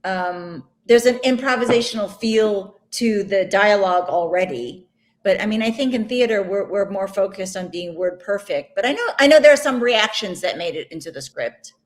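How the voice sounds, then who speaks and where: A woman's voice: mid-range voice, expressive, moderate pace. A woman with a Chicago accent, a stage actress chatting casually in an easygoing, matter-of-fact way. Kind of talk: casual chat.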